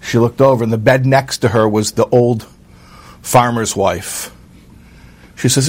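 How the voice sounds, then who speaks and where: A man's voice: medium pitch, moderate pace. Guy telling a true story, earnest, lots of ums and restarts, mid voice. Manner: earnest, hesitant with fillers and restarts. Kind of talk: spoken storytelling.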